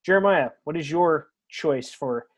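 A man hosts a comedy show, relaxed and asking guests about their favorite sketches. His voice sits a little high. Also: a little slow, soft background music. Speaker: host. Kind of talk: casual podcast hosting.

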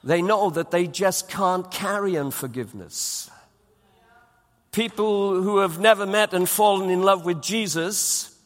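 A man's voice: sits high, in a large hall. A man preaching a sermon as pastor, emphatic and repeating his phrases for weight. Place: church auditorium.

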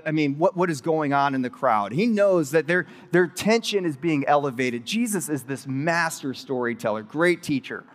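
A man giving a sermon as pastor, telling a story in a conversational, animated way with excited asides. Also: high voice. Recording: reverberant hall.

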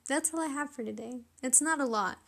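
Young woman, podcast host, slightly high voice; casual, rambling, self-questioning chat with frequent laughs. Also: brisk, gravelly, fairly bright tone. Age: young adult. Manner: laughs often while talking.

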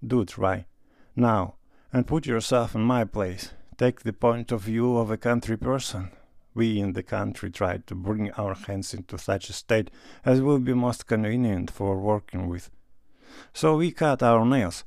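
A man doing an earnest blunt country gentleman. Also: lowish voice, unhurried, gravelly, no echo, clean studio sound.

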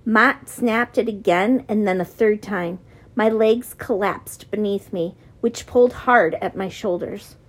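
A woman narrating a novel in the first person, in measured storytelling. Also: mid-range voice. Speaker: audiobook narrator.

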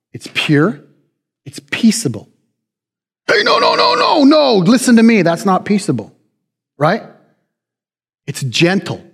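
Male pastor, high-pitched, folksy and self-deprecating, preaching to a congregation in a reverberant hall. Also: breathy edge. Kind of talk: sermon.

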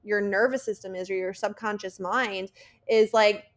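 A woman's voice: medium pitch, steady tone, normal speed. Woman, New Jersey accent, guest coach, casual podcast chat, rambling, filler-heavy. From New Jersey, USA.

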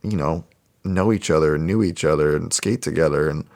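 A man with a very deep, low voice talks casually as a podcast co-host. He rambles in an easy, laid-back way and drops the odd swear word. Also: fairly quick, creaky, darkish tone. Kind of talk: casual chat.

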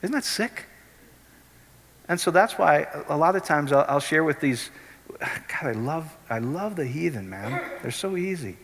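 A middle-aged man preaches with a forceful, bright edge. He talks animatedly and keeps checking in with the crowd. His voice rings out with a long hall reverb. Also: fairly high pitch, a little slow. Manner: animated, keeps asking the crowd if it makes sense. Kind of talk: sermon.

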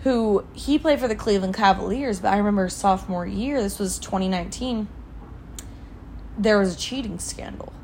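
A woman's voice: mid-range voice, normal speed, darkish tone, slight background noise. A young woman co-hosting a podcast, telling pop-culture gossip in a chatty, casual way. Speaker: podcast co-host. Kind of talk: casual chat.

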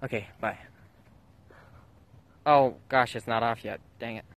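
A man calling in to a podcast, rambling and giggling, with sudden loud outbursts. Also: mid-range voice, fairly even intonation, unhurried. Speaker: caller. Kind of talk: goofy recorded call-in chat.

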